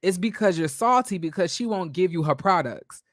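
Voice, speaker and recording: A man's voice: high-pitched, lively intonation, normal speed, a bit bright, no room sound, clean studio sound. A man giving a casual, blunt recap of a reality TV episode, full of slang and restarts. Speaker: recap vlogger.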